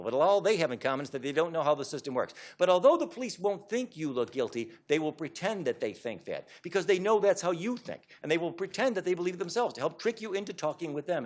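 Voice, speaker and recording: A man giving a public talk to an audience as an author, lecturing in an emphatic, animated way. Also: fairly high pitch.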